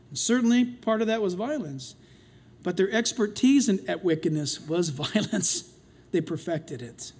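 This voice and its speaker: An older man preaching a sermon in an animated way, acting out the voices in the stories he retells. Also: high-pitched. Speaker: pastor.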